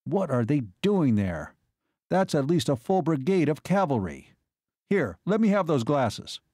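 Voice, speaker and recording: A man's voice: on the high side, big pitch swings, unhurried, dark tone, no echo, clean studio sound, voice pushed up, full character voice. A man voicing a keen male glider pilot, explaining and giving orders in an audiobook. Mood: urgent. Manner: explaining, then urgent.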